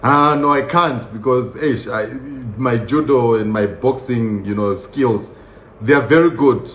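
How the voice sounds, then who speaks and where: A man casually recounting a personal story in a lively, laughing way, acting out what others said, with many fillers. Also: medium pitch, unhurried. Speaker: vlogger recounting his prison experience. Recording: dull, roomy recording with faint noise.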